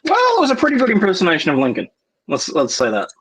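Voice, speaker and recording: A man's voice: high voice, huge pitch swings, quick pace, noisy background. A man with an Australian accent chatting easily as a co-host on a livestream, with dry understatement. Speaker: co-host guest. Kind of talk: casual livestream chat.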